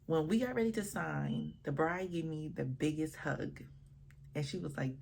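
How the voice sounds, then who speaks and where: A woman wedding officiant telling a casual storytime about her first ceremony, animated and expressive as she acts out what people said. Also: low-pitched, moderate pace, vocal fry, a little hiss or hum.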